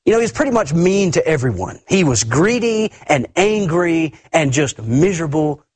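A man preaching a sermon emphatically, often repeating words and swinging his pitch up and down. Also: sing-song, moderate pace, darkish tone, breathy edge, dry recording.

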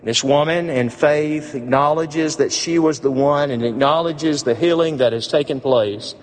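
A man with a high voice delivers an emphatic sermon, hammering on repeated phrases. He sometimes drops his voice low and soft. A long reverb from a large hall trails behind every word. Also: a little slow. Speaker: preacher.

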